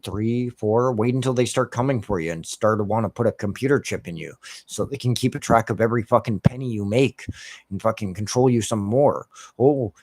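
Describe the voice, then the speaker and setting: A man's voice: lowish voice, a little mellow, dry recording. A man from the United States ranting over gameplay as a gaming streamer, in heated, heavily profane rambling talk.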